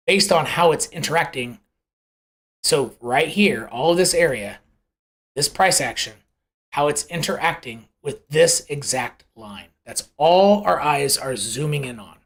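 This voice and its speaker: This is a host of a live chart analysis show who talks casually and off the cuff. Their voice swings widely up and down in pitch as they throw in homely comparisons and rhetorical questions. They often break off and restart phrases. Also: lively intonation, measured pace, a bit bright. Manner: conversational and rambling, with self-corrections.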